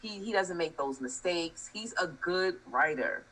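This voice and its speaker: A woman's voice: on the low side, expressive, unhurried, a bit bright, low-quality recording. A woman with a soothing voice co-hosting a casual podcast chat, giving frank, blunt commentary. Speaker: co-host.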